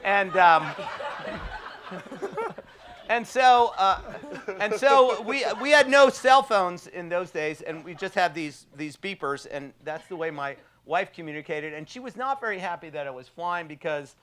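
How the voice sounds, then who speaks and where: A man's voice: high-pitched, measured pace. Chatty man telling a story. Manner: animated anecdote with frequent fillers and laughs. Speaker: trauma surgeon guest. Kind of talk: casual storytelling.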